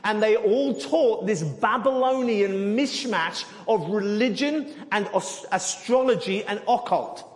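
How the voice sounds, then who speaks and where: A man preaching a sermon, teaching animatedly and often repeating words as he goes. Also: high-pitched. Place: church hall. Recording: long hall reverb.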